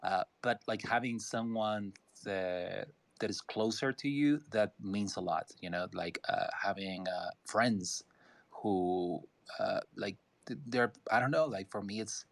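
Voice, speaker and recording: A man from Mexico, a designer and artist guest, talking casually in a halting way with many restarts. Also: fairly low pitch, no room sound. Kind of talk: casual interview talk.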